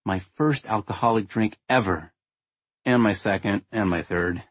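A man tells a first-person story in a wry, understated manner. His voice sits on the low side with a husky grain. The recording is close and dry. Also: a little slow, no room sound. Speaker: audiobook narrator.

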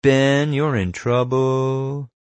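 A man's voice: huge pitch swings, moderate pace, dry recording, heavily acted. A man squawking as a smug teenage boy. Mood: gloating. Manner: squawking, shrill and gloating.

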